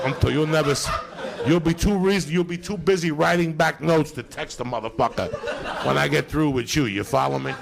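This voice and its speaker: A middle-aged male comedian hosting a live podcast from a comedy club stage, ranting in a profane, animated storytelling style. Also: fairly high pitch, brisk, vocal fry, background noise. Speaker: comedian host. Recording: live club recording, loud crowd laughter.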